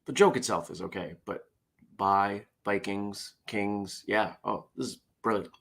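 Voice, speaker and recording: A man with a low, gravelly voice talks casually and sounds tired. He reads jokes aloud with a wry, self-deprecating manner. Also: measured pace, fairly bright tone. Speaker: host. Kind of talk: casual morning chat, reading jokes.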